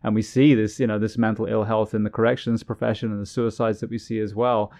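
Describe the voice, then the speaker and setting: A man's voice: lowish voice, flat delivery, quick pace, warm tone. A man hosting an interview podcast, asking questions in long, run-on sentences. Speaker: podcast host. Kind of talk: interview host.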